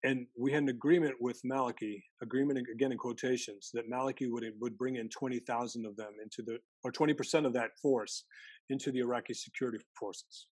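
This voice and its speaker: Animated man telling insider stories. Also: medium pitch, fast talker, husky, dry recording. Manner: animated storytelling, mimics quoted voices, frequent self-restarts. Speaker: guest, former intelligence analyst. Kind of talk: conversational interview.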